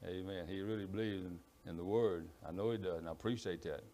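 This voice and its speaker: Cajun male preacher, strong low voice, rambling and apologetic delivery. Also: fairly even intonation, fast, warm tone. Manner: rambling, self-apologetic, stumbles over words. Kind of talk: sermon. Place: church in East Texas.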